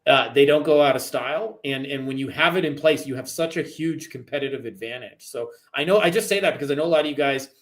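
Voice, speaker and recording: A man's voice: medium pitch, fast talker, hardly any pauses, a bit bright. A middle-aged man from Canada, speaking as a podcast guest. His talk is casual and rambling, full of "like" and restarts. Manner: rambling, heavy on "like" fillers. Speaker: guest, digital marketer. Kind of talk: casual chat.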